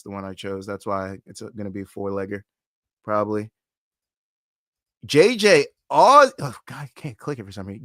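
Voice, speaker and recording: A man's voice: medium pitch, fairly bright tone, no room sound, studio quality. A man hosting a casual livestream, reading chat comments aloud, swearing freely and laughing often. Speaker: host.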